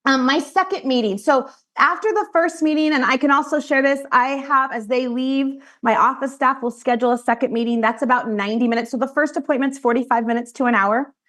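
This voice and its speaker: A woman's voice: high-pitched, fairly quick, hardly any pauses. A woman and financial advisor teaching colleagues how she runs client meetings, talking directly and acting out what she says to clients. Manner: animated, direct, acts out client conversations. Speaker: financial advisor training peers. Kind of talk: training talk to colleagues.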